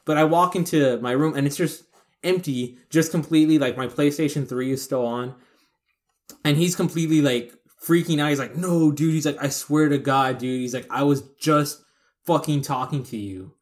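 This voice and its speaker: A man's voice: fairly high pitch, a little fast. A man casually telling a spooky story on a podcast, cursing and rambling, acting out the other people's lines. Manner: profane, rambling, acts out quoted voices. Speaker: podcast co-host.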